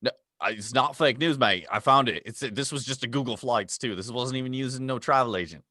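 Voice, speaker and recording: A cheery globetrotter, as a podcast host puts him on, calls everyone mate and chatters about flights. He sits well above the host's own low voice and comes across louder and bright. The sound is dry and close. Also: brisk, no echo. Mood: chummy. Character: cheery globetrotting male travel guide.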